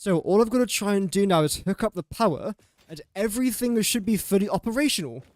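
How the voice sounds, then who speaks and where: A man's voice: sits high, expressive, fast talker, a little mellow, no echo, studio quality. A young man with an English accent, chatting casually and rambling while livestreaming a building game, often laughing at his own slips. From England. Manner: rambling, self-mocking, chuckles often. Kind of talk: casual gameplay livestream chat.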